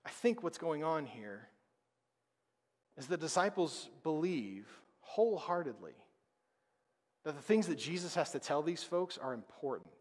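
A man preaching a sermon as pastor, conversational and emphatic, with dramatic pauses. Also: on the high side. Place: church sanctuary. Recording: long reverb of a church hall.

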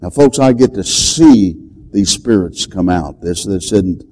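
An older man preaching, telling a story dramatically and shouting the commands he quotes. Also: deep voice, expressive, unhurried, slightly rough, rough recording. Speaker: deliverance preacher. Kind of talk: storytelling sermon.

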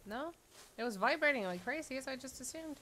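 Excitable, foul-mouthed woman gamer. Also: sits high, brisk, heavy background noise. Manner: loud, excitable, swears a lot. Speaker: gaming streamer. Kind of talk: let's play commentary.

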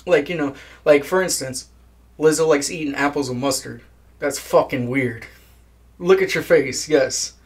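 A man's voice: fairly high pitch, moderate pace. A young man chatting casually in an interview, laid-back, swearing a lot and laughing at his own jokes. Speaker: guest musician.

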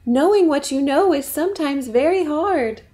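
A woman's voice: sits high, animated, normal speed, warm tone. A woman voicing a determined little female caterpillar who becomes a butterfly, chanting earnestly in a storybook reading. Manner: earnest sing-song chanting.

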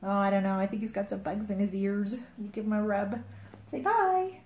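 A woman's voice: mid-range voice, monotone, quick pace, a little mellow, slight background noise. Chatty woman in an echoey room. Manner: chatty, with fillers like "like" and "kinda". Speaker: early years educator. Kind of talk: casual talk and singing to children.

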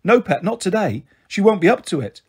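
A man's voice: high voice, very animated, a little fast, breathy edge, exaggerated voice. A man voicing a kindly middle-aged woman who speaks soothingly and calls people dear, in a storybook reading.

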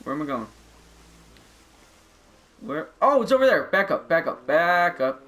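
A young man commentating a video game playthrough, excitable and rambling with lots of stammering restarts. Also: on the high side, unhurried. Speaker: gaming YouTuber. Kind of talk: let's play commentary.

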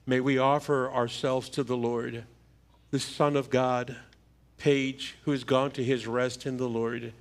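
Man preaching a measured funeral sermon. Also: medium pitch, flat delivery. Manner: measured, halting delivery with repeated words. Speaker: pastor. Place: church sanctuary. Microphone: livestream church microphone.

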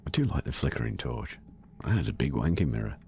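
A young man hosting a horror game let's play, deliberately keeping his voice low and quiet so he doesn't set off the mic, muttering casual, swear-laden commentary as he plays. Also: very animated, gravelly, a little hiss or hum. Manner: hushed, talking low to keep quiet. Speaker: gaming channel host.

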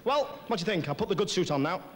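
A man doing a stand-up comedy routine as compere, with cheeky quick-fire jokes. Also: high voice, sing-song, fairly bright tone. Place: large theatre stage. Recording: noisy old video tape with audience. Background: audience laughter.

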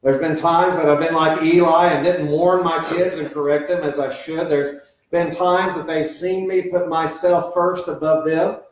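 A middle-aged man preaches as pastor in a fairly high voice with little pitch movement, speaking at normal speed. The sermon, about raising children, is earnest and conversational with quoted voices, recorded from a distance in an echoey church sanctuary.

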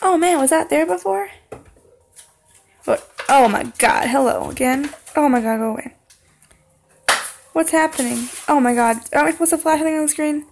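A young woman playing a horror game, talking to the screen, singing along and yelling when scared. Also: sits high, moderate pace, creaky, long pauses, a little hiss or hum. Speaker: gaming channel host. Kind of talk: horror game let's play commentary.

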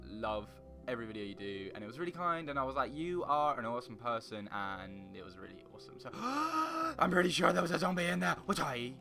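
A young man giving rambling, goofy commentary while playing a block-building game, sometimes breaking into silly noises. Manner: rambling, goofy, bursts into loud high singing and silly noises. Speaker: gaming YouTuber. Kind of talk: casual Minecraft let's play commentary. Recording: faint guitar music behind.

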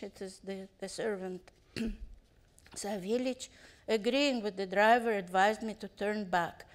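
A woman reading prose aloud to an audience in a measured, even storytelling manner. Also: mid-range voice. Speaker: literary translator reading aloud. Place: stage at a cultural center.

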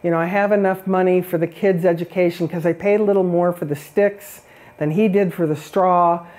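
A woman's voice: on the low side, steady tone, brisk, darkish tone, natural voice. A woman voicing a worried male pig in a stick house, who dithers over money and room. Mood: fretting.

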